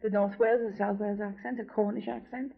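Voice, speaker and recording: A woman opera singer, a guest on a radio interview, telling lively anecdotes in a chatty way. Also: medium pitch, fast talker, vocal fry. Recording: dull lo-fi 1970s radio recording.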